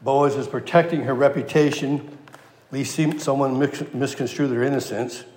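A man's voice: mid-range voice, moderate pace. Man preaching in an echoey hall. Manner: acts out biblical characters in lively paraphrase. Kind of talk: expository sermon. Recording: echoey hall with long reverb.

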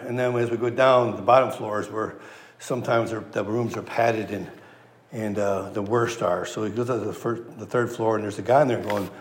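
A man's voice: mid-range voice, steady tone, moderate pace, echoey room. Folksy preaching man. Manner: folksy, repeats phrases for emphasis. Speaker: pastor. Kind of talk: sermon with a joke.

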